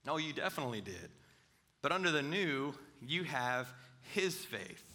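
A male pastor giving a conversational sermon, acting out quoted dialogue with lively, animated delivery. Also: a little high, normal speed.

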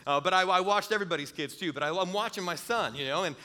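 A man's voice: high-pitched, quick pace, pushed and bright. A middle-aged man preaching a sermon, earnest, often repeating words and chuckling as he goes.

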